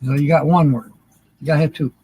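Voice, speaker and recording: A man's voice: a little high, steady tone, quick pace, warm tone, breathy edge, poor audio. An older man hosting a livestream word game, chatting casually and chuckling often as he reads out viewers' names. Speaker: livestream host. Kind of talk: casual live chat during a word game.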